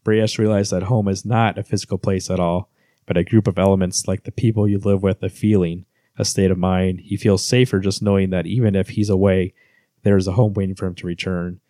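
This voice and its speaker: A man's voice: low-pitched, level tone, a little fast, dark tone, dry recording, studio quality. A man co-hosting a casual book club podcast, retelling scenes and reading passages aloud with many fillers. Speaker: podcast co-host.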